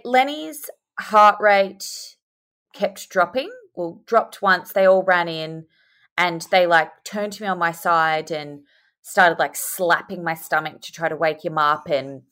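A young woman, a podcast guest telling her story in a chatty, animated way over a video call. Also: low-pitched. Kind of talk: casual chat.

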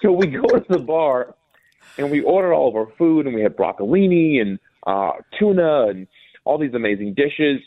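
A man chatting casually as a co-host, telling animated stories and mimicking people. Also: on the high side, moderate pace. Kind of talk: casual chat. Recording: dry, phone-like narrow sound.

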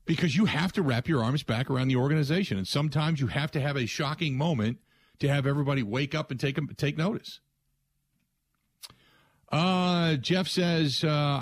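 A man's voice: fairly high pitch, normal speed, no echo, clean studio sound. A man hosting a sports talk radio show, giving an emphatic, rambling opinion monologue with frequent restarts. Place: radio studio.

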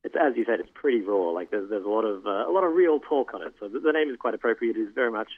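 A man's voice: on the low side, lively intonation, rapid-fire, slightly rough. An Australian man calling in to a podcast, speaking in an articulate, matter-of-fact way. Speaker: caller, podcast host. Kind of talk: casual call-in chat. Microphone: phone call. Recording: tinny phone line.

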